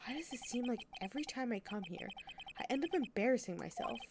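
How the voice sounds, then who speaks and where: A woman's voice: fairly high pitch, lively intonation, fast talker, noisy background. A woman reading the lines of an earnest, determined young male defense lawyer, with video game music playing behind.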